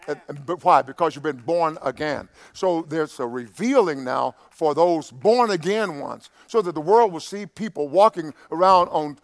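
A man preaching a sermon, halting and repeating himself in quieter stretches, building to loud, impassioned preaching. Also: fairly high pitch, animated. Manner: halting, with many restarts and fillers.

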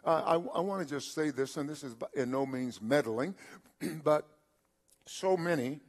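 A man in his seventies preaching a sermon as pastor, repeating phrases and asking rhetorical questions, with frequent halting restarts. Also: fairly high pitch. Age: 70s. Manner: repetitive preaching with rhetorical questions, swelling louder at points; halting restarts and filler sounds.

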